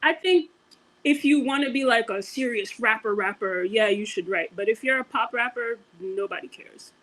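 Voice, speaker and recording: A woman co-hosting a podcast, chatting casually and giving her opinions in a relaxed, emphatic way. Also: a little high, moderate pace, low-quality recording. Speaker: podcast co-host. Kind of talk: casual chat.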